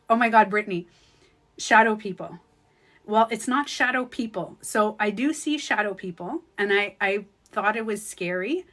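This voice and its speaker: Woman, fairly high voice, casual livestream chat, emphatic, emotional, checks in with viewers. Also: a bit bright. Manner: emotional and emphatic, swears, frequent "okay?"; addresses viewers by name. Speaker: spiritual vlogger.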